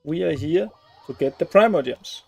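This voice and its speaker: Sarcastic gravelly gamer guy. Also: fairly high pitch, expressive, moderate pace, a little mellow, faint music behind. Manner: sarcastic, swears casually. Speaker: gaming streamer. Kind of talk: casual gameplay commentary.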